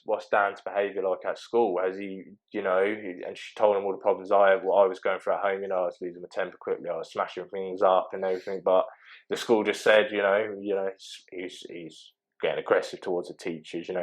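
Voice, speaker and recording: A young man with a low voice speaks as a podcast guest. He talks casually and haltingly, full of fillers and restarts. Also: rough recording. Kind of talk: casual interview talk.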